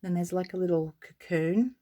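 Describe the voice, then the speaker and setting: Soft-spoken Australian woman touring a nursery. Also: on the low side, moderate pace. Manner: soft-spoken, gushing, rambling with fillers. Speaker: vlogger. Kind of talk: casual home tour narration. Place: home nursery room.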